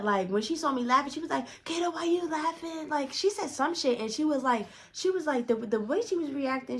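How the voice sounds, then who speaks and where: A young woman telling a storytime tale in a fast, profane, animated way. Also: on the high side. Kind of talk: casual storytime vlog.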